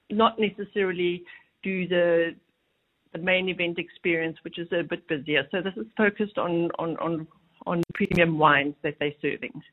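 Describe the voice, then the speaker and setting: Woman, festival organiser, chatty, many restarts, tinny phone line. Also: on the low side.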